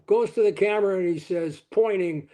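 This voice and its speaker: Older man telling a lively story. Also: sits high, moderate pace. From Canada. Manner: animated anecdote teller, quoting people in his stories. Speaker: sportscaster guest. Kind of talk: storytelling in an interview.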